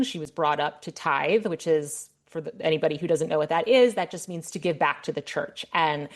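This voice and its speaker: A middle-aged woman hosting a podcast, candidly telling a long personal story in casual conversation, with frequent restarts. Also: low voice. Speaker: podcast host. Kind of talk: casual interview chat.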